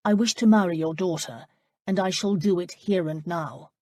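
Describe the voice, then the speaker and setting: A woman's voice: lowish voice, normal speed, a little mellow, no room sound, studio quality, lightly acted. A woman reading the lines of an earnest young male reverend who speaks firmly. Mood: resolute.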